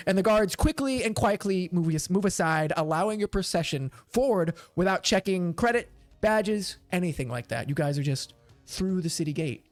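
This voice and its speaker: Lively man narrating as game master. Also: high-pitched, moderate pace, no room sound, soft background music. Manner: rambling, many fillers and self-corrections.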